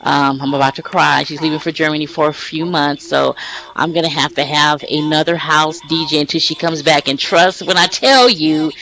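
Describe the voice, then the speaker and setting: Talk show host, male, gravelly and bright, rambling heartfelt delivery with restarts. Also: fairly high pitch, normal speed, low-quality recording. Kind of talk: casual talk show address. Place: online virtual-world voice chat.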